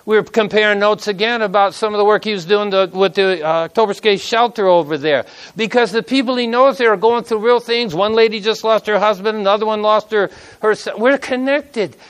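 A man's voice: sits high, steady tone, fairly quick, hardly any pauses, a bit bright, clear, resonant tone. A middle-aged man preaching a sermon, telling a personal story with emotion and reading scripture aloud in an earnest way.

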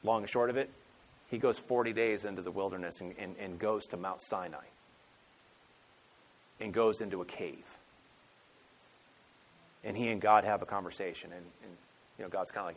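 Speaking at medium pitch and normal speed, a male preacher pauses often as he works through scripture in an expository sermon. He keeps it conversational and story-like, acts out quotations, and restarts himself frequently.

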